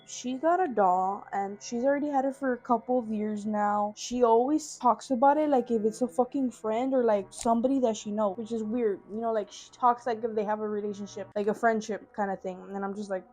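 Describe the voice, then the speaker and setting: A woman's voice: fairly high pitch, normal speed, hardly any pauses, dark tone. Young female vlogger, casual storyteller, swears a lot, filler-heavy, phone mic at home. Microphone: phone camera.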